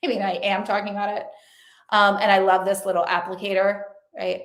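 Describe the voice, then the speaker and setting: A woman's voice: mid-range voice, flat delivery, a little fast. Woman vlogger, earnest and chatty, talking to camera in an echoey room. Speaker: lifestyle and faith vlogger. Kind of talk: casual motivational talk to camera.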